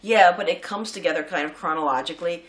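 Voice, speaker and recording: A woman's voice: on the low side, fast. Chatty woman reviewer, casual retelling. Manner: chatty, animated retelling with many fillers. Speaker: video reviewer. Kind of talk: casual chat.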